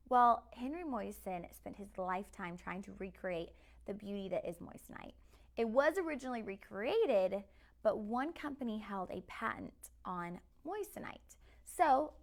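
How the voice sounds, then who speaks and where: Chatty shopping host woman with vocal fry. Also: medium pitch. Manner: chatty, upbeat, speaks directly to viewers. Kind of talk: live TV shopping presentation.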